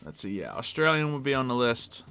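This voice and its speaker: Man, live streamer, gravelly tone, bright edge, casual chat with viewers, faint music behind. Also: mid-range voice, very animated, fairly quick. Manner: chatty, answering viewers between game tasks.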